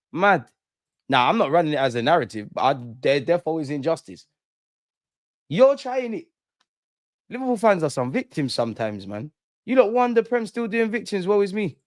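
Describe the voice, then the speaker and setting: A man's voice: fairly high pitch, darkish tone, no echo, clean studio sound. A young man hosting a live fan stream, ranting heatedly and repeating lines for emphasis. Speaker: fan channel host.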